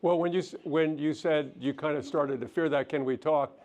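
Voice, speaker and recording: A middle-aged man, a counselor, giving a relaxed lecture and answering audience questions in a gentle, self-deprecating way. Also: a little high, moderate pace. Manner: gentle, self-deprecating, thinks aloud with restarts. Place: lecture hall.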